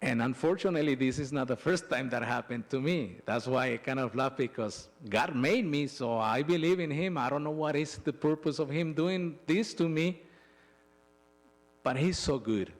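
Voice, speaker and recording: In a church sanctuary, a middle-aged man with a mid-range voice gives a personal testimony. He tells his story emotionally and haltingly, often restarting.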